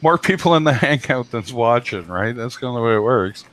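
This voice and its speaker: A man's voice: mid-range voice, expressive, fairly quick, fairly bright tone, slight background noise. A man hosting a live stream who chats casually, jokes and swears freely on a home computer mic. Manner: loose, jokey, swears freely. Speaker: stream host. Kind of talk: casual chat.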